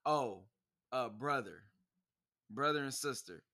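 A young man co-hosting a casual chat, slangy and animated, acting out quotes as he tells stories. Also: mid-range voice, takes it slowly. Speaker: podcast co-host.

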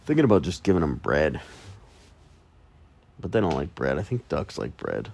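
A man's voice: very deep voice, big pitch swings, normal speed, creaky, long pauses, darkish tone, no room sound. A man hosting a solo podcast, rambling casually and mocking himself with jokey asides in the early morning. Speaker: podcast host.

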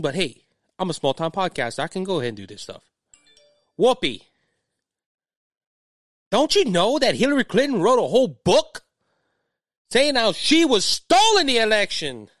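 A middle-aged man from Louisiana with a Cajun accent hosts his own podcast. His voice sits high for a man, and he rambles and stumbles over his words as he gets worked up. The sound is dry and close, with no room around it. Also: fairly bright tone, no room sound. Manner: agitated, rambling, repeats words. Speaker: podcast host. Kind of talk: political podcast commentary.

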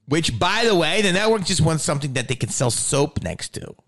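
A man, an actor and comedian, telling a story in casual talk, animated and profane, acting out the people he quotes. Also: a little high, brisk.

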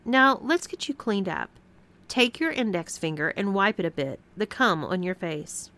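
A woman's voice: mid-range voice, animated, normal speed, bright, forceful tone. A woman voicing a bossy young woman who mocks and gives orders, with a teasing, commanding manner.

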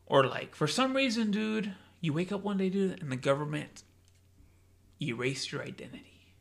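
A man co-hosting a casual podcast chat, rambling through made-up scenarios, saying "dude" constantly and dropping into hushed voices. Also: high-pitched, expressive, normal speed, gravelly. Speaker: podcast co-host.

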